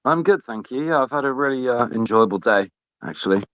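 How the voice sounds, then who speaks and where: A man's voice: medium pitch, expressive, a little fast, no echo. A man joining a live online panel as a newcomer, answering in an easygoing way with short replies. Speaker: panel caller. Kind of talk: casual chat. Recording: dull dry remote mic.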